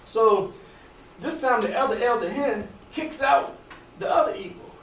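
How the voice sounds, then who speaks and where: A man with a fairly high voice tells a long story in a loose, rambling way, often restarting his sentences. He sounds distant from the mic, in a roomy space with a faint hum of noise behind him. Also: expressive, measured pace, a bit bright. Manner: rambling, with many restarts and casual grammar. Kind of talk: casual oral storytelling.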